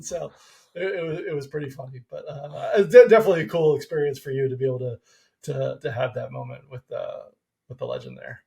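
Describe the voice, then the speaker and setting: A man's voice: fairly high pitch, brisk, gravelly. A man co-hosting a podcast, chatting casually with frequent restarts. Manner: relaxed, hesitant with restarts. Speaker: podcast co-host. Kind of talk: casual chat.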